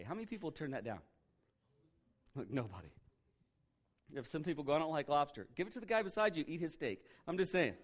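A middle-aged man preaching a sermon in a casual, conversational way, often asking the congregation rhetorical questions. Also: on the high side. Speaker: pastor.

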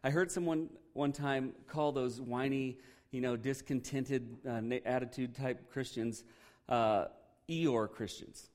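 A man's voice: mid-range voice, fairly even intonation, a little slow, a little mellow. A man preaching a sermon as pastor in a loose, conversational way, joking and asking the congregation questions.

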